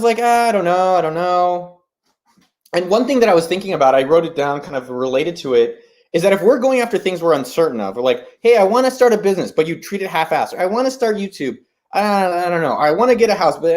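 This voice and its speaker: A man hosting a live stream, talking in a casual, rambling way, excited and swearing freely. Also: on the high side. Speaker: host.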